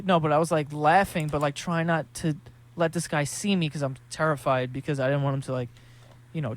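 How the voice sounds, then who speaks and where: A man's voice: on the high side, slight background noise. A man casually telling a story while playing a game, laughing often and swearing freely. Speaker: gaming streamer.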